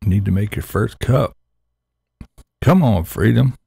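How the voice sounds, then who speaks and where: Man hosting a morning live stream, low gravelly voice, husky, casual crude chatter. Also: lively intonation, takes it slowly, warm tone, no echo. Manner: laid-back, crude, chatting to viewers in chat.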